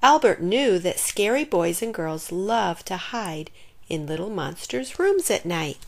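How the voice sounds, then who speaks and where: A woman reading a children's picture book aloud in an expressive storytelling manner. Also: fairly low pitch, unhurried, gravelly. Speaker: storybook reader.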